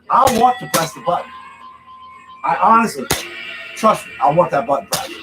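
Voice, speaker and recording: Speaking over music with poor audio, a man with a high, animated voice rants angrily at normal speed, pausing often. He's hosting a drinking livestream from a home studio, repeating himself and tacking "okay?" onto his points.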